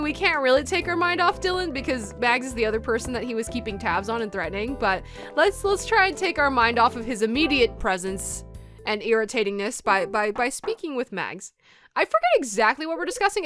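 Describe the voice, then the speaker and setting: A bubbly woman chats her way through a video game, expressive and chatty, in a slightly high voice. Game music plays clearly under her talk. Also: brisk. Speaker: let's play streamer. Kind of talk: casual game commentary.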